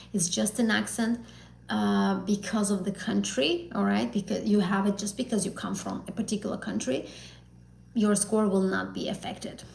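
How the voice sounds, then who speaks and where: A woman's voice: medium pitch, gravelly, darkish tone, roomy sound, low-quality recording. A woman teaching an exam prep lesson on a live stream, talking casually and encouragingly with fillers and self-corrections. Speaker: IELTS teacher.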